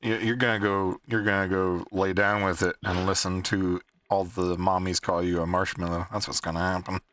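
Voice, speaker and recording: Man, livestream host, casual chat, low-pitched, teasing, frequent laughter. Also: little pitch movement, moderate pace, fairly bright tone, no room sound, clean studio sound. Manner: laughs often, loose and teasing.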